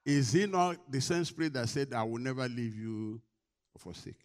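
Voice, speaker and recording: A middle-aged male pastor preaching a sermon, leading the congregation in call-and-response and swinging between soft, low asides and loud exhortations. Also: fairly quick.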